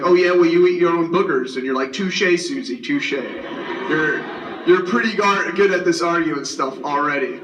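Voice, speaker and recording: A man's voice: fairly high pitch, a bit bright. A young man in his twenties, a student performing a stand-up comedy set at a school variety show, rambling and self-deprecating with many fillers. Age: 20s. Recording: roomy hall, far from the mic.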